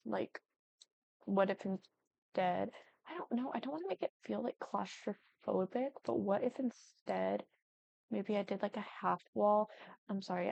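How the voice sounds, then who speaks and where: Chatty young woman with gravelly fry. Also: mid-range voice, darkish tone, no echo. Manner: chatty, apologetic, thinking aloud. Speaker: Sims building YouTuber. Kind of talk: casual gameplay commentary.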